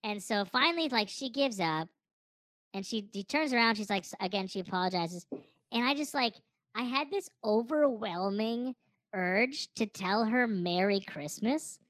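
A woman's voice: mid-range voice, moderate pace, no echo. A woman co-hosting a podcast who tells a rambling, jokey story, often cutting herself off and restarting. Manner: rambling, animated, jokey, self-interrupting. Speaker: podcast co-host. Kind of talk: casual comedic storytelling.

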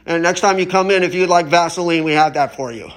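A man's voice: fairly high pitch, fast talker, a bit bright, lightly acted. Man putting on a mock-polite gas station attendant. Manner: mock-courteous, repeatedly says sir.

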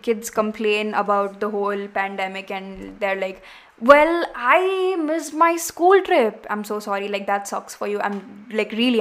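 A teenage girl hosting her own podcast, ranting heatedly with many restarts and trailing pauses. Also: on the high side. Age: teens. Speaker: podcast host. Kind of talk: solo podcast rant.

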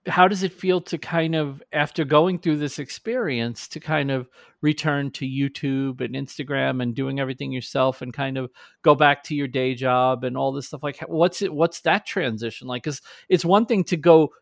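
Gravelly man asking questions. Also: mid-range voice, fairly even intonation, normal speed, no room sound, studio quality. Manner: hesitant, restarts questions. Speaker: host. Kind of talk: interview questions.

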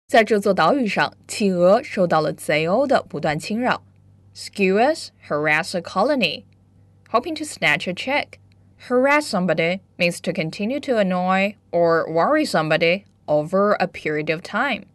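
A woman hosting a bilingual English lesson, upbeat, drilling words slowly and carefully. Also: fairly low pitch, animated, no room sound. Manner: upbeat, switches between Chinese and English, slow careful pronunciation drills. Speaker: English teacher and host.

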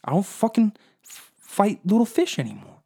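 A man putting on a brash, shouting tough-guy movie star. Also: sits high, sing-song, normal speed, gravelly, breathy edge, voice pushed up, exaggerated voice. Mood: blustering. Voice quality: loud, blustering, profane.

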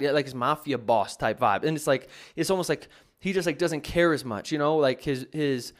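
Male producer, mid-pitched, casual Q&A host, rambling delivery with lots of fillers. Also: moderate pace. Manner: rambling, many fillers and restarts. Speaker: music producer answering viewer questions. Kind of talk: casual advice talk.

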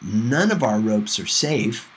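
A man's voice: on the low side, expressive, slow pace, slight background noise. A man reading as a thoughtful young man. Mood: reflective.

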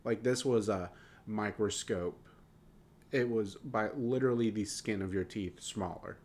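A young man with a Southern American accent, co-hosting a casual sports podcast, animated and dropping the g on his -ing words. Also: fairly low pitch, a little slow, slight background noise. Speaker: podcast co-host.

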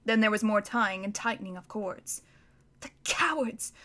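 A woman narrating a children's story aloud in an expressive, dramatic reading style. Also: mid-range voice, moderate pace.

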